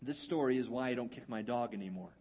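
A man's voice: mid-range voice, fast talker, darkish tone. A male pastor preaching a sermon in a conversational, folksy way, acting out Bible scenes.

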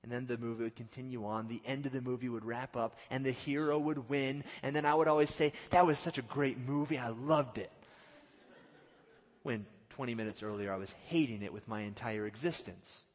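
A male pastor preaching a sermon, swinging from loud outbursts to hushed, drawn-out lines and acting out the quotes. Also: medium pitch, steady tone. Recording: long hall reverb.

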